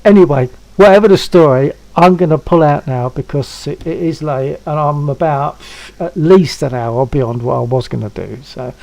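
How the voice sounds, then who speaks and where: A man's voice: fairly high pitch, normal speed, vocal fry, few pauses, a little mellow, no echo, poor audio. A man in his seventies hosting a stream, chatting casually and coaxing a friend to try something. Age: 70s. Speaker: stream host. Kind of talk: casual chat.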